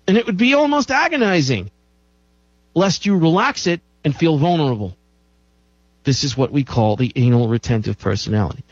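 A man with a somewhat high voice gives an emphatic health-talk monologue, driving points home by repeating them. The sound is dull and lo-fi, with a dry, close feel and no room echo. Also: animated, normal speed. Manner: emphatic, repeats key phrases for effect. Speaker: show host.

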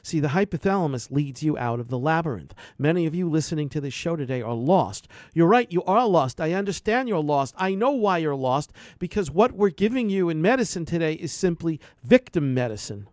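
A man's voice: fairly high pitch, expressive, a little fast, few pauses, darkish tone, no echo. A man hosting a radio health show, delivering an impassioned, repetitive, preachy monologue into a studio microphone.

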